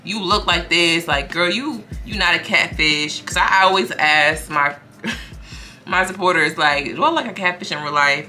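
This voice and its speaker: Brassy young woman telling a story. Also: moderate pace. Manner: animated, profane, slangy storytelling, quoting others in a higher voice. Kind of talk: casual storytime vlog.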